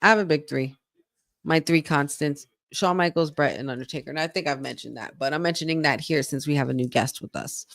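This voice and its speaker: Low-voiced woman, chatty watch-along co-host. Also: fairly quick, creaky, hardly any pauses, dry recording. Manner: chatty, reacts aloud and reads viewer comments. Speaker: wrestling podcast co-host. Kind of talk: casual live watch-along chat.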